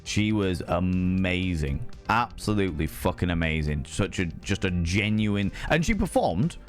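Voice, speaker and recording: A husky man with a fairly low voice hosts a casual stream, his throat slightly hoarse from a few nights of drinking. He talks in a theatrical, flamboyant way, often jumping into high, mocking voices between stretches of plain, rambling chat. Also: very animated, unhurried, faint music behind. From Ireland. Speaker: livestream host. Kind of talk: casual chat reading viewer messages.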